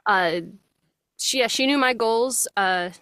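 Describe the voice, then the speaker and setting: A young voice actress with a faint New Jersey accent, talking in a relaxed, friendly way as an interview guest and laughing easily. She records in a small closet studio at home on a good microphone, and the sound is very dry and close. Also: fairly high pitch, slow pace, smooth, dry recording. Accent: subtle New Jersey. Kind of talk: casual interview chat.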